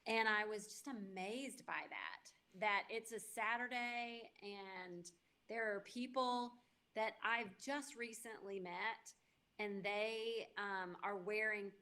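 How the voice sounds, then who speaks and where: A woman's voice: medium pitch, fairly even intonation, slow pace, pushed and bright. A woman who is a mayor, speaking thoughtfully and gratefully in a casual interview. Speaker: guest mayor.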